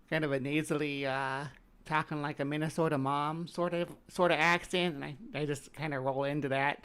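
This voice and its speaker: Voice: medium pitch, fairly bright tone. A live stream host from Missouri with a slight Southern accent, rambling casually with many fillers while reacting to videos.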